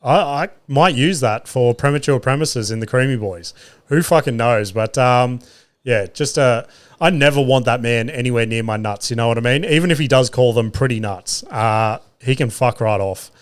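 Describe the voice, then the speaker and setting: A man's voice: medium pitch, normal speed. A man, hosting a casual solo podcast and telling exasperated, profane stories with wry laughs into a close mic. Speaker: podcast host.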